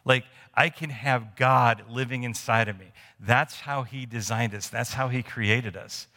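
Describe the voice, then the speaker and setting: A man's voice: medium pitch, fairly even intonation, a little slow, sharp tone. A man preaching a sermon as pastor, conversational and storytelling, with restarts and asides. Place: church sanctuary. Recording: long church hall reverb.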